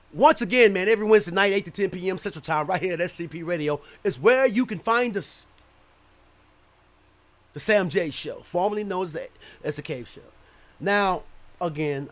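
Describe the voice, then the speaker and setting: A high-voiced man hosting a radio talk show, his pitch leaping up and down as he rants. He swears freely, laughs often and sometimes shouts. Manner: animated, profane, frequently laughing, shouts at times. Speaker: internet radio show host. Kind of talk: loud ranting radio talk.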